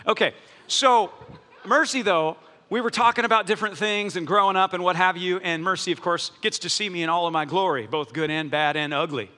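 A man, a pastor, preaching a sermon in a church, animated and jokey with strong emphasis. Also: high-pitched, fairly quick. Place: church hall. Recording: echoey church hall.

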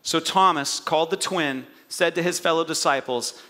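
Pastor guy preaching, kinda high bright voice, lively storytelling with jokes. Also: normal speed. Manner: animated storytelling, jokey asides. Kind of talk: sermon.

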